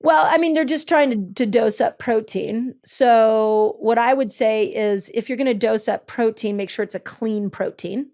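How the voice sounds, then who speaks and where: A woman's voice: on the high side, normal speed, hardly any pauses, a little mellow. A woman, a health expert with her own clinic, explaining her ideas in an eager, conversational way, stepping through each point with frequent ums and restarts. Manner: enthusiastic, explains step by step, many ums and restarts.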